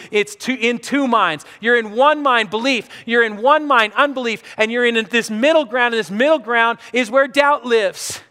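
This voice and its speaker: A man preaching a sermon, animated, repeating phrases and acting out the people he quotes. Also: high voice, in a large hall. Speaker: pastor.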